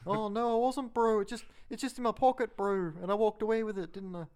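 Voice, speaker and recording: A man's voice: high-pitched, fairly even intonation, a little fast, darkish tone, clean tone, pitched above the performer's own voice, lightly acted. A man voicing a cocky young New shoplifter who keeps denying it. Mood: mock innocent. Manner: playfully denying, drawled.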